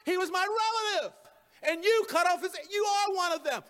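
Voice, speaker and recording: A man's voice: extremely high pitch, normal speed, fairly bright tone, long reverb tail, pitched above the performer's own voice. A man voicing an indignant man who confronts someone he saw cut off his relative's ear, firing off questions. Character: accusing man confronting a denier.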